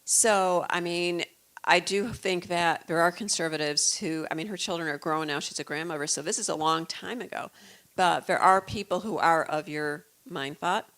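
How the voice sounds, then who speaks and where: A woman in her fifties from the Chicago suburbs in the United States speaks as a guest author in a lowish, fairly bright voice at a moderate pace. Her casual storytelling is chatty and earnest, carrying the pride of a mother.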